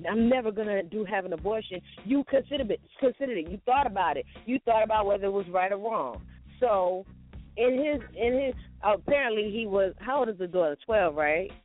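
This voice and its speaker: A man co-hosting a casual morning talk show, giving his opinions plainly. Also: high voice. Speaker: co-host. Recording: tinny phone-like lo-fi audio.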